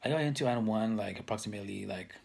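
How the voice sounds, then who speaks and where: A man's voice: on the low side, fast talker, creaky, darkish tone, husky. A man in his thirties talking to camera for his own video channel, rambling with many restarts and fillers. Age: 30s. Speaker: vlogger. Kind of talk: casual talk to camera.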